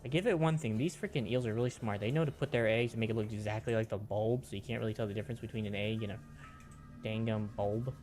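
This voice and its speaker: A man with a fairly low voice talks himself through a game in a relaxed, chatty way. He swaps in mild minced oaths for stronger words. Soft music sits faintly underneath. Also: fast talker. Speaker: streamer. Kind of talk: casual gameplay commentary.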